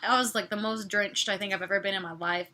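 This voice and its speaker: A woman's voice: mid-range voice, steady tone, fast talker, pushed and bright. A young woman chatting casually with a friend in a vlog, bubbly and giggly, sometimes dropping to a whisper. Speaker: summer youth missionary. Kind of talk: casual chat.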